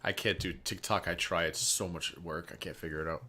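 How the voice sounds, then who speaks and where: A man's voice: deep voice, fairly even intonation, a little fast, crowd noise. A man guesting on a casual stream, rambling chattily through profane anecdotes. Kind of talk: casual storytelling chat.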